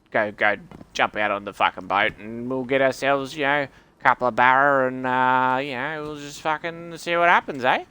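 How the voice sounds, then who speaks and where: A man putting on a rough, laid-back outback bloke with a broad Australian accent, loud, sweary and rambling. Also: medium pitch, close to an everyday voice.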